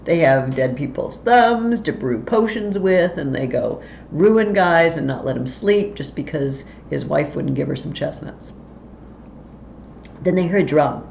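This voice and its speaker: A woman's voice: low-pitched, lively intonation, moderate pace, vocal fry, darkish tone, slight background noise. A woman explaining a play to students in a casual, chatty way, paraphrasing lines in slang, from a slightly dull recording. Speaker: teacher.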